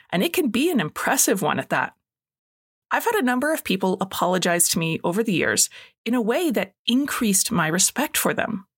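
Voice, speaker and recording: A woman in her thirties hosting a scripted solo podcast, giving clear step-by-step advice in an instructive way. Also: mid-range voice, dry recording, studio quality. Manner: clear, instructive, animated with acted asides. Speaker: podcast host, coach on binge eating.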